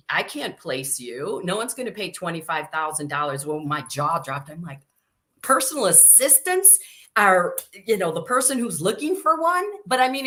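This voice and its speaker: A woman in her sixties from Chicago, a guest telling stories in a casual interview and acting out the voices she quotes. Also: medium pitch. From Chicago, USA. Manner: animated storyteller who acts out quoted voices.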